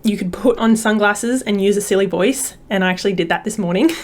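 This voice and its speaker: A woman's voice: medium pitch, a little fast, darkish tone. A woman, a parenting coach talking casually to camera in an upbeat, chatty way with many fillers.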